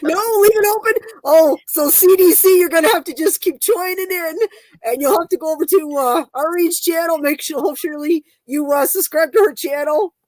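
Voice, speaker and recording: A woman's voice: very high voice, moderate pace, a little mellow, dry recording, poor audio. An older woman with a Canadian accent hosting a casual livestream chat, laughing constantly between lines. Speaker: livestream host.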